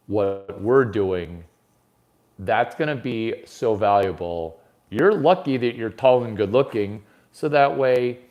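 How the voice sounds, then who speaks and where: A man doing a rambling stand-up monologue, brash and profane, swinging from mutters to shouts. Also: medium pitch. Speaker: comedian.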